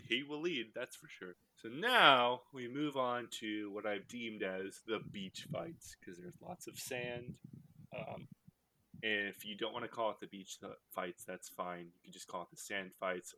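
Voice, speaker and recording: A man's voice: on the low side, slight background noise. A man hosting a casual movie-rewatch podcast, chatty and jokey, often laughing as he talks. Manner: animated, laughing, jokey asides. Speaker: podcast host.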